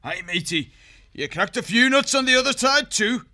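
A man voicing a plain-spoken male shrew chieftain in an audiobook, telling it brisk and practical. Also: very high voice, animated, pushed and bright, pitched above the performer's own voice, heavily acted. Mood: matter-of-fact. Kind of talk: audiobook character voice.

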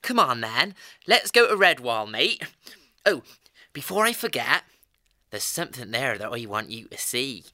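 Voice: mid-range voice, big pitch swings, unhurried, bright, forceful tone, no echo, clean studio sound. A performer voicing a cheeky young male hedgehog thief who talks in a slangy, chirpy way and calls others mate, in a full-cast audiobook.

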